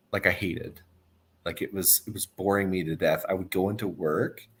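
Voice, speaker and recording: A man's voice: low voice, breathy edge. A man speaking as a podcast guest in casual chat, thinking aloud in a reflective, hesitant way. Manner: reflective and hesitant, many restarts.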